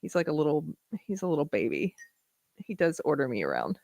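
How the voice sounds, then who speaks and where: A woman's voice: low-pitched, wildly swooping pitch, fairly quick, vocal fry, darkish tone, no room sound, muffled recording. A woman from the southern United States hosting a livestream, chatting casually, laughing often and talking to her dog. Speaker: livestream host. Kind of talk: casual livestream chat reading viewer comments.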